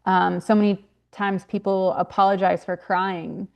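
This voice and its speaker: A woman's voice: mid-range voice, level tone, measured pace, creaky, muffled recording. A young woman, a grief consultant and author, talking earnestly in a podcast interview with frequent fillers and restarts. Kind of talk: podcast interview, casual conversation.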